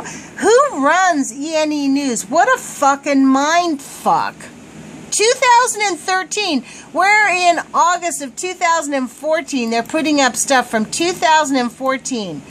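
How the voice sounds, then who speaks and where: A woman's voice: sits high, sing-song, slow pace, a bit bright, slight background noise, low-quality recording. A woman vlogger reading a report aloud from her screen, indignant and swearing, often stumbling over words. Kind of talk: agitated screen-reading rant.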